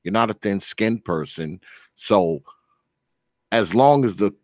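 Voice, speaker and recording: A man with a very low, deep voice hosts a relaxed talk show conversation. He speaks earnestly, thanking his guest and circling back over his points. The sound is dry and close. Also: slow pace, no echo. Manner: earnest, thankful, repeats himself. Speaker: host. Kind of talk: casual interview chat.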